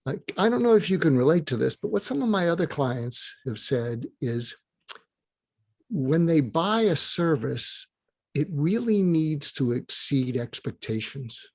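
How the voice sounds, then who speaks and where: Older male guest, fairly high voice, animated storyteller who plays out quoted dialogue; interview advice. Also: measured pace. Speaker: guest, psychiatrist and business advisor.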